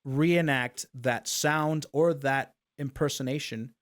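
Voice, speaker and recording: A man's voice: mid-range voice, slow. A man hosting a casual talk stream, walking his guest through the rules step by step and checking in with "okay?". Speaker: talk show host. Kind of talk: casual chat.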